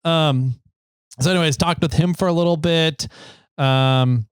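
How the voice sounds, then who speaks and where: A man hosts an off-road podcast, telling stories in a rambling, easygoing way with plenty of fillers. His voice sits a bit high for a man. The sound is dry and close. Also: measured pace, smooth, no echo. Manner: rambling, filler-heavy, laughs easily. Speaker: podcast host. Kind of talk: casual podcast storytelling.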